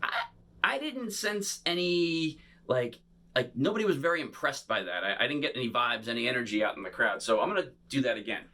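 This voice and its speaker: A man's voice: mid-range voice, fairly quick. A man performing an interactive bubble show for children, talking playfully to an unseen young audience. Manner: animated and showy.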